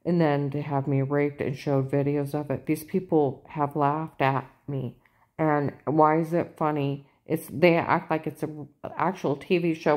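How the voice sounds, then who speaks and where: A woman in a casual monologue, insistent and repetitive, turning loud and emphatic. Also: deep voice. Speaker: vlogger.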